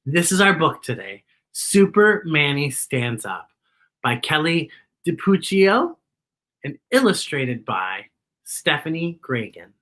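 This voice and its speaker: A woman hosting a children's story time, reading a picture book aloud in an expressive way and speaking to the children directly. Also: sits low, slow.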